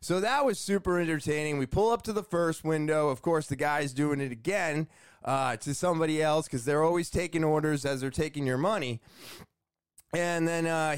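A man's voice: fairly high pitch, smooth, dry recording, studio quality. A man hosting a podcast, telling a rambling, self-deprecating story and acting out the voices of people in it. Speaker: podcast host. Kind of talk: casual storytelling monologue.

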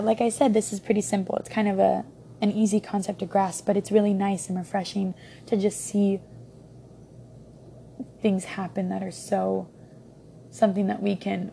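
A woman's voice: mid-range voice, vocal fry, warm tone, slight background noise. A young woman giving a casual book review, rambling with many ums and restarts.

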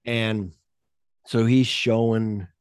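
A man hosting a podcast, retelling a film script in a rambling, animated way and acting out bits of dialogue. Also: fairly low pitch, extremely slow, clean tone, dry recording, studio quality. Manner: rambling, animated plot retelling with acted-out quotes. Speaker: podcast host. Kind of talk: casual podcast chat.

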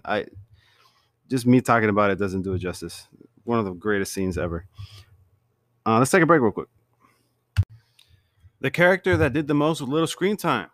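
A man recapping a TV show from home in a casual, animated way, laughing often and acting out lines. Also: mid-range voice, no room sound, studio quality. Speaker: TV show reviewer.

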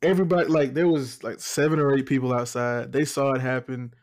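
A young man, telling jokey stories in a relaxed casual chat. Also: mid-range voice, brisk. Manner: relaxed, joking storyteller.

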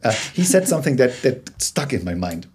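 Husky man explaining with tag questions. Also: mid-range voice, sing-song, fairly quick, a little mellow. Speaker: guest storyteller. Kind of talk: interview conversation.

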